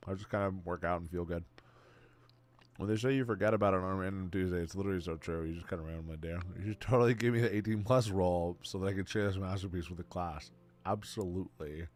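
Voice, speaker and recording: Low-voiced excitable young man streaming. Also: fast talker. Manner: excitable, swears freely, says "bro" constantly. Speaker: streamer answering chat. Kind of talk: casual livestream chat.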